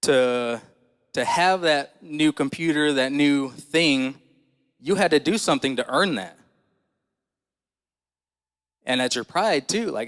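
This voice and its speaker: Folksy preacher in a reverberant hall. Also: male voice, on the high side, slow, pauses often, a bit bright, clear, resonant tone. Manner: folksy and conversational, asks the congregation questions. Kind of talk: sermon with personal story. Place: church hall.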